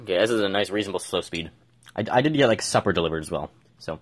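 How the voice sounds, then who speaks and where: A man's voice: low-pitched, expressive, rapid-fire, husky, no echo. A man giving casual gameplay commentary, thinking aloud and mumbling with fillers as he plays at home. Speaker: gameplay streamer.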